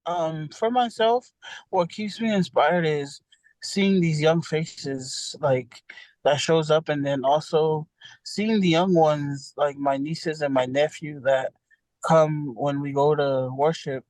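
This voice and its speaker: A woman's voice: low-pitched, takes it slowly, darkish tone, no room sound, low-quality recording. A woman sharing a church testimony as a youth ministry leader, earnest and rambling with many fillers and restarts.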